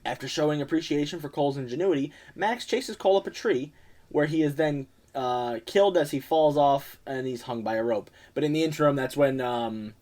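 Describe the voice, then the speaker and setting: A young man with a slightly raised voice co-hosts a casual podcast. He recaps a movie's plot in a loose, rambling way, full of "um" and "uh". He often drops into quick quoted lines as he goes. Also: on the high side, darkish tone. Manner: rambling, lots of fillers and quick quoted impressions. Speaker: podcast co-host. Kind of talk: casual movie review chat.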